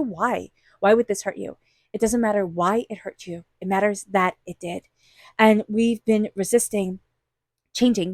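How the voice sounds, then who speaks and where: Woman, tarot reader, earnest, encouraging, mid-pitched voice, dry close sound. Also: darkish tone, dry recording. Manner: earnest, encouraging, speaks directly to listener. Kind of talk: intuitive tarot reading.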